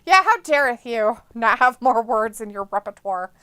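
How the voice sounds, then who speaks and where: Bright, clear-voiced sarcastic woman. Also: on the high side, animated, normal speed, no room sound. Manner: playful, sarcastic, mock voices for chat messages, frequent laughs. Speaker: co-host of a live watch-along stream. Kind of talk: casual chat reacting and reading chat aloud.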